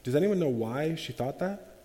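A man leading a group Bible study, his mellow, warm voice carrying a long reverb through the room. He talks with animation, acts out quotes and often restarts sentences. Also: fairly high pitch, lively intonation, normal speed.

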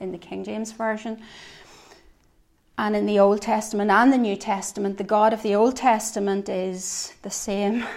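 Gravelly-voiced woman preaching earnestly. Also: medium pitch. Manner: earnest, swings between soft and emphatic. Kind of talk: devotional sermon.

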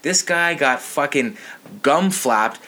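A man's voice: fairly high pitch, expressive, slow, bright, forceful tone. Heated, swearing man ranting about sports. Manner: outraged, profane and heated. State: a little tipsy.

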